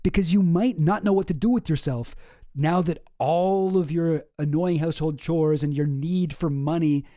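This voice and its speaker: A man's voice: on the high side, normal speed, dark tone, no room sound, studio quality, natural voice. A man voicing a smug, pushy young male roommate who talks down to people. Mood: boastful. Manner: dismissive, condescending.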